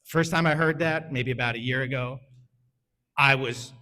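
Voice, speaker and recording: A man's voice: mid-range voice, fairly quick, sharp tone. A man in his forties, a school principal, speaking conversationally at a town hall for parents, checking in with "right?" and telling family stories. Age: 40s. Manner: conversational, often asks "right?", tells family stories with quoted voices. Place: school meeting room.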